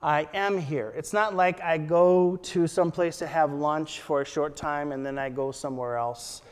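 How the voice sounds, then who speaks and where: A man preaching a sermon, slow and measured, reading scripture quotes with emphasis. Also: a little high, fairly even intonation, smooth, in a large hall.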